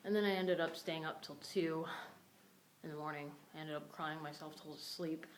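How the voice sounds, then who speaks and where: A young woman with a low voice vents to the camera in a casual vlog, upset and swearing freely. A faint hiss sits under the recording. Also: fairly even intonation, normal speed, low-quality recording. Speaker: vlogger.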